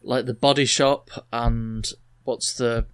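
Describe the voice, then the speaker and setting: A man's voice: mid-range voice, flat delivery, slow, clean tone. A young man, co-hosting a podcast in casual chat, hesitant and stammering into restarts. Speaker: podcast co-host.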